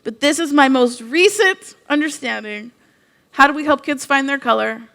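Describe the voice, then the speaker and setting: A middle-aged woman from Canada giving a conference keynote, telling stories in a conversational, expressive way. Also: high-pitched, normal speed. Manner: expressive storytelling, conversational with frequent "like". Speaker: keynote speaker.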